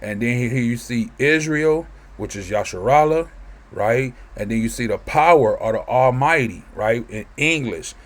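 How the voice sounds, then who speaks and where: A man's voice: medium pitch, lively intonation, unhurried. Male preacher, casual scripture teaching, keeps checking in with listeners. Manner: conversational, keeps asking "right?".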